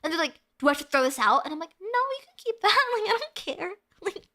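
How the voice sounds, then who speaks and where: A young woman with a high, sparkling voice chats casually on stream, answering her viewers. She talks in a breezy, giggly way, with "like" in nearly every phrase. Her tone is crisp and bright. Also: lively intonation, quick pace. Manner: chatty and giggly, peppers speech with "like". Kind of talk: casual chat reading viewer comments.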